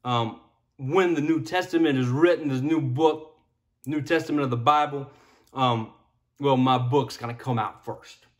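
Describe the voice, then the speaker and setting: A man's voice: medium pitch, measured pace, natural voice. A man voicing a boastful male disciple and former tax collector with a put-on Brooklyn-Italian accent, in a slangy bragging manner. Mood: secretive. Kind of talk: casual sermon retelling.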